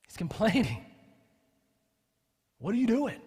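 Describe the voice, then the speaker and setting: A man's voice: high voice, very animated, measured pace, slightly rough, in a large hall. A man preaching a sermon as pastor, talking casually with his congregation and building to impassioned emphasis. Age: adult with children. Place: church.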